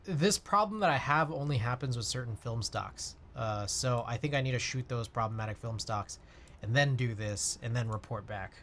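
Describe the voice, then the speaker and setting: A man's voice: medium pitch, lively intonation, normal speed, a bit bright, slight background noise. A man chatting casually on his livestream, rambling with lots of fillers and answering chat. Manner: rambling, many fillers, reads chat aloud.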